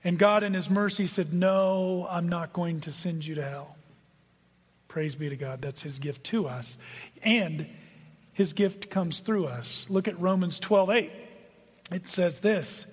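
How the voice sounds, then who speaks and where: High-voiced preaching man in a reverberant hall. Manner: earnest preaching, swings between hushed and emphatic. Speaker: pastor. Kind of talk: sermon.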